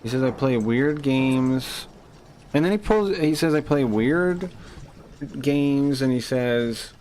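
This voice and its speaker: A man's voice: mid-range voice, lively intonation, takes it slowly, darkish tone, a little hiss or hum. A man streaming live, ranting heatedly and swearing as he rambles and restarts his sentences while playing a game.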